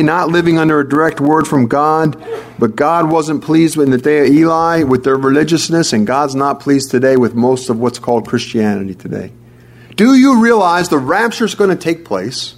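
A man delivers a sermon in a fairly high voice, pressing hard on key phrases and repeating them for weight. As he builds his point, he stumbles into quick restarts.

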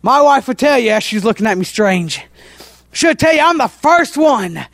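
High-voiced man preaching a fiery sermon. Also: sing-song, normal speed, vocal fry, dry recording, studio quality. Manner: impassioned, often breaks into shouting; folksy, repeated "oh" between phrases.

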